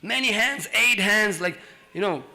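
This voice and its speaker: Guy telling a temple story, high bright voice, gravelly, laughs a lot, does the voices. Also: unhurried. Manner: animated, acts out voices in the story, laughs often. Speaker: speaker giving a scripture class. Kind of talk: storytelling sermon.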